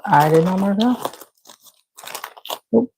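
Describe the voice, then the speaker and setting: A woman's voice: medium pitch, animated, slow, gravelly, mellow, a little hiss or hum, poor audio. A young woman hosting a live crochet stream, chatting casually and laughing at herself while she works. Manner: chatty, self-deprecating, talks to viewers while working. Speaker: livestream crochet host.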